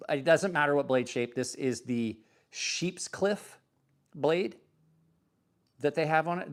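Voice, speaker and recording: A man hosting a knife review channel, talking casually and enthusiastically to camera, rambling and self-deprecating with frequent restarts. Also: mid-range voice. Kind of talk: casual product talk to camera.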